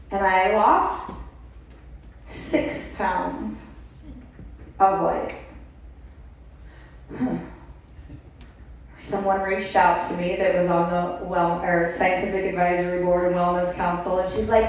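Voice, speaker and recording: A woman speaking to an event audience, telling her own story with animated play-acting of her past reactions. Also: mid-range voice. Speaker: speaker at a wellness product event. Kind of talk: motivational testimonial talk to an audience. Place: event hall. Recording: echoey room, voice from far off the mic.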